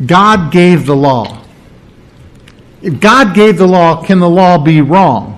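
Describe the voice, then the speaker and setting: Slow, halting male preacher. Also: sits high. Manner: slow, halting teaching with frequent throat clearing. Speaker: pastor. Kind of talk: sermon.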